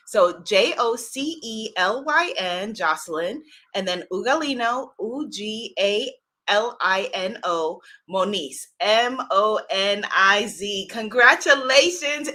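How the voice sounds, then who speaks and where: A woman's voice: medium pitch, pushed and bright. A woman hosting a casual live stream, effusive and laughing often as she greets viewers by name. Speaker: live-stream host and oracle card author.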